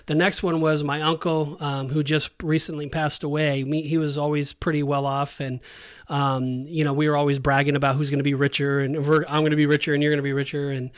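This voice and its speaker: Earnest, slightly high-voiced man. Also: flat delivery, fairly quick. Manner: earnest storytelling, quoting dialogue. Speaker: podcast host. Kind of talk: faith testimony.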